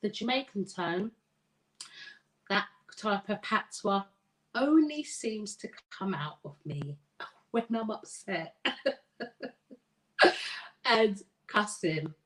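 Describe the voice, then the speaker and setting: A woman's voice: medium pitch, expressive, rough recording. A middle-aged woman hosting a live stream, chatting with viewers and reading their comments aloud. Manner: slow, warm, chatty with viewers, laughs easily. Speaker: live show host and coach.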